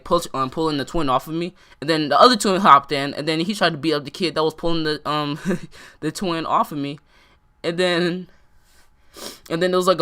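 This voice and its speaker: A man's voice: a little high, sharp tone, clear, resonant tone. A young man telling a story to the camera in casual vlog style, rambling with lots of filler words. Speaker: vlogger.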